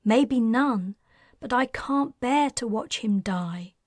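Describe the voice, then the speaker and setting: A woman's voice: fairly high pitch, slow pace, dry recording, clean studio sound. A woman voicing a fierce mother who speaks urgently and anxiously about her son. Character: fierce desperate mother of grown children.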